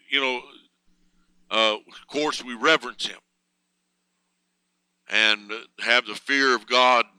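Bright, crisp folksy preacher man. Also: medium pitch, no room sound, rough recording. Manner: folksy, plain-spoken, chuckles between thoughts. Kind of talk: conversational sermon.

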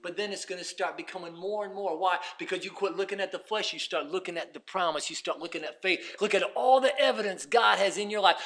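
A man preaching a sermon, dropping to hushed asides and rising to shouted emphasis. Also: sits high, fast, few pauses.

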